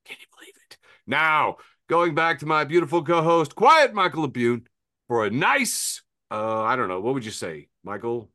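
A man hosts a casual comedy podcast with playful showmanship. His voice is bright and lively, bouncing across a wide range, with a middle pitch. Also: normal speed. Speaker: podcast host. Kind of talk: casual chat. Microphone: video call.

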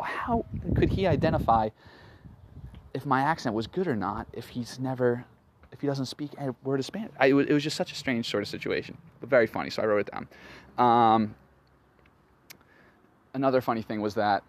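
A man's voice: mid-range voice, animated, moderate pace. A man hosting a podcast, recounting his week in a rambling, self-deprecating casual monologue. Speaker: podcast host. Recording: noisy background hiss.

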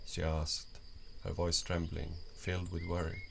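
Male narrator, story reading, slow measured delivery, very deep, gravelly, faint crickets behind. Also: level tone, noisy background.

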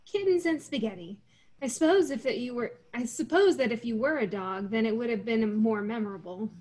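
A woman's voice: a little high, a little fast, a little mellow. A woman bantering in comedic dialogue, teasing and wisecracking.

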